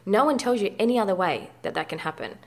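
A woman's voice: mid-range voice, lively intonation, quick pace, creaky. A woman in her thirties speaking frankly and conversationally in an interview. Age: 30s. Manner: frank, conversational, uses mild swearing. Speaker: guest. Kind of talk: candid personal interview.

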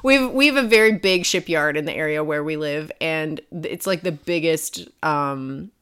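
A woman's voice: low voice, normal speed, fairly bright tone, clean tone. A young adult woman co-hosting a podcast, telling rambling stories and giggling in casual chat. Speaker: podcast co-host.

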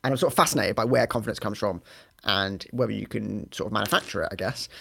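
Comedian guy rambling fast on a podcast, self-deprecating, bit of vocal fry. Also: lowish voice, pushed and bright. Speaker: comedian guest. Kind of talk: casual chat.

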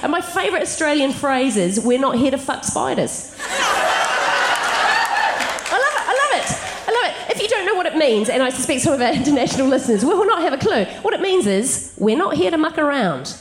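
A woman comedian telling funny stories on stage, giggling and animated as she talks to a live audience. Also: high-pitched, brisk, over a noisy crowd, heavy background noise. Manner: giggly, animated, laughs through lines. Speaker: comedian, co-host. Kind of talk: live stand-up storytelling.

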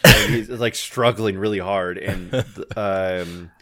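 A man's voice: low-pitched, fairly even intonation, slow, fairly bright tone. A man co-hosting a casual podcast chat, telling rambling stories and laughing often. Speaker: podcast co-host.

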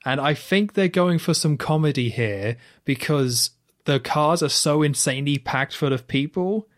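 A man's voice: on the high side, measured pace. Guy cohosting a movie podcast, chatty, keeps saying like, rambles on. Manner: animated, talks in long run-on stretches with many "like"s. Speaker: podcast co-host. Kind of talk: casual film-review chat.

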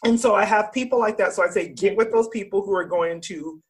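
A woman's voice: medium pitch, brisk. A woman who is a guest in a casual interview, speaking with enthusiasm about her own experience. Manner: enthusiastic, tells personal stories. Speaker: guest, event organizer.

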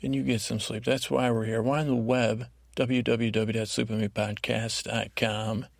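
Drowsy rambling man with a gravelly voice. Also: mid-range voice, flat delivery, no echo, studio quality. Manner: rambling, drowsy, lulling, with halting restarts. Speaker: podcast host. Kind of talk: meandering bedtime monologue.

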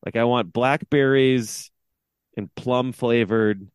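A man co-hosting a casual podcast, talking in a rambling, joking way and often stopping to restart his sentences. His voice sits at a middle pitch. It is recorded close and dry, with no room sound behind it. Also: slow, clean tone, dry recording. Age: adult, father of two. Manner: rambling, joking, self-interrupting. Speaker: podcast co-host. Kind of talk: casual sports podcast banter.

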